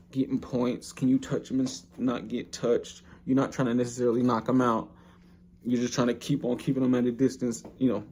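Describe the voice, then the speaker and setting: Man, casual recap, mid pitch, animated slangy storytelling. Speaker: anime recap host.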